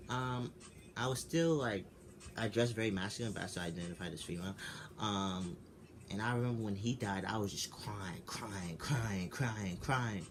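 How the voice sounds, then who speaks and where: Low-voiced young man, candid rambling vlog. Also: moderate pace. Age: 20s. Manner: candid, heavy swearing, rambling with restarts. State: just woke up. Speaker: vlogger. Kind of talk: casual storytelling vlog. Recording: noisy background ambience.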